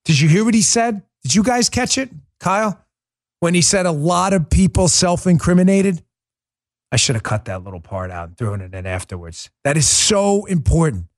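A middle-aged man hosting a political commentary show, swinging between quiet apology and loud indignation. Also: high-pitched, big pitch swings, moderate pace. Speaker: podcast host.

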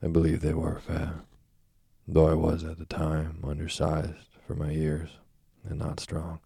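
A man narrates a classic novel slowly and deliberately, like a studio audiobook. His voice is extremely deep and gravelly with a husky, dark color. The recording is dry and close, with no room sound. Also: completely flat delivery, no room sound. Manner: slow, deliberate storytelling.

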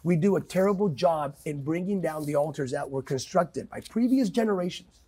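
A man's voice: lively intonation, brisk, warm tone, slightly rough. A man preaching with passion in a talk-show conversation, emphatic and quoting scripture. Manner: emphatic, quotes scripture, swings pitch widely. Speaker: pastor guest.

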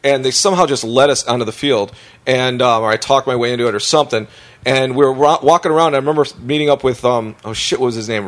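A man's voice: medium pitch, fairly bright tone. An American man hosting a podcast, telling a rambling story in casual chat, laughing often and acting out quotes. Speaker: podcast host.

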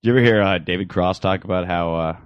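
A man in casual comedic chat, swinging into loud exaggerated disgust and swearing. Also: low-pitched, fast, smooth, dry recording, lo-fi sound.

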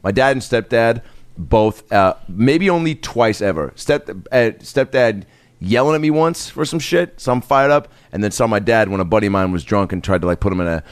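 A man's voice: lowish voice, normal speed, clear, resonant tone, no echo. A man hosting a podcast, telling stories in casual chat, swearing freely and acting out other people's lines. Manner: animated storyteller, swears freely, acts out quoted voices. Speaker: podcast host.

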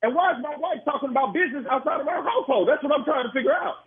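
A man's voice: very high-pitched, animated, rapid-fire. A man in a heated phone argument, angry, profane and stammering as he confronts the caller. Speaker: prank call target. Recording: tinny phone line.

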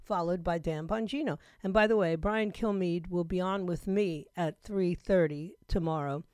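A middle-aged woman hosting a talk radio show, talking in an emphatic, conversational way that swings between loud and hushed. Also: lowish voice, normal speed, dry recording, studio quality. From South Florida. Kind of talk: opinionated talk radio monologue. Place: radio studio. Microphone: studio microphone.

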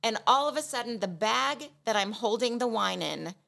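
A woman co-host telling a lively story in casual chat, acting out the voices of people in it with self-mocking humor. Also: fairly high pitch, normal speed, vocal fry. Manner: animated, acts out voices of people in her story.

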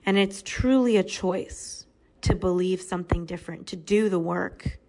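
A woman's voice: medium pitch, gravelly, darkish tone, low-quality recording. A woman in her thirties, a podcast guest telling a personal story in a candid, earnest way. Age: 30s.

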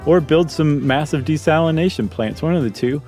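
A man's voice: a little high, a little fast, darkish tone, soft background music. A man co-hosting a podcast, chatting casually and rambling with fillers and jokey asides. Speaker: podcast co-host. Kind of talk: casual chat.

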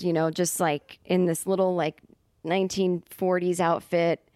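A woman comedian spins a casual, rambling story as a podcast guest. She circles back with fillers and self-corrections. Her voice sits a little low and the sound is dry and close. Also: steady tone, normal speed, darkish tone, no room sound.

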